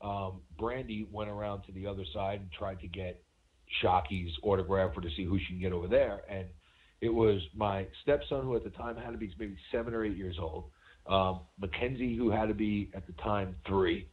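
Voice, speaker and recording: A man co-hosting a sports podcast, telling stories in casual, animated chat and swearing now and then. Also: fairly low pitch, normal speed. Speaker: podcast co-host. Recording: phone-like narrow sound.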